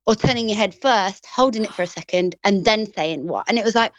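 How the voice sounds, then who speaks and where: A woman in her thirties with a Grimsby accent, chatting as an actress in an interview, quick and full of laughs. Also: mid-range voice, rough recording. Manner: chatty, quick, laughs often, slips into quoted voices. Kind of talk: casual interview chat.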